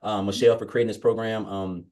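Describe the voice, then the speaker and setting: A man's voice: lowish voice, little pitch movement, quick pace, dark tone. A man giving a fervent, grateful testimonial on a webinar video call, often addressing listeners as guys. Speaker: webinar guest. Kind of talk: casual testimonial.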